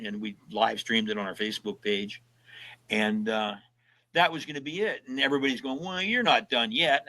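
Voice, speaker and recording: A man's voice: mid-range voice, vocal fry, rough recording. A man in his seventies telling road trip stories in a casual chat, acting out the voices of people he quotes. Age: 70s. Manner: animated storyteller who acts out quoted dialogue. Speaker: podcast guest. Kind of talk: casual storytelling.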